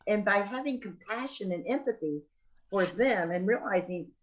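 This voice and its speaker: A woman's voice: medium pitch, lively intonation, moderate pace. A woman guest on a podcast, speaking earnestly and reflectively in casual conversation. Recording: dull lo-fi remote audio.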